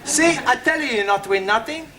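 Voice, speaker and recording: Cheerful Italian student, Italian accent, broken English, lively, noisy recording. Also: male voice, very high voice, moderate pace, full character voice.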